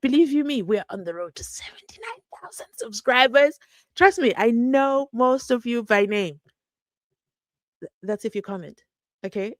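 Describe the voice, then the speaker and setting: Chatty animated woman live-streaming. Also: medium pitch, no echo. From South Africa. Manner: animated, chatty, breaks into laughs and asides. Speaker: true crime channel host. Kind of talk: casual live-stream chat.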